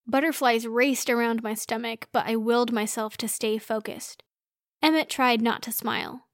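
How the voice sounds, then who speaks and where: A woman reads a first-person story aloud with earnest expression. Her voice sits fairly high, and the recording is dry and close. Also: steady tone, moderate pace, no echo. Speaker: narrator.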